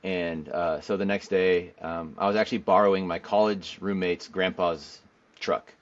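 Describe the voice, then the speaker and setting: Low-voiced man telling a story casually. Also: fairly even intonation, normal speed, highs cut off. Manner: rambling, filler-heavy, acts out quoted dialogue. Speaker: podcast guest, former pro pitcher.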